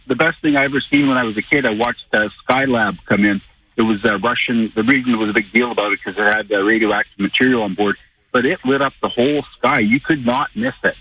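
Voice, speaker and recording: A man from Canada calling in to a radio talk show, telling a long, halting story. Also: medium pitch, slightly rough. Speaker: caller. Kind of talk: phone-in call. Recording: tinny distant phone line.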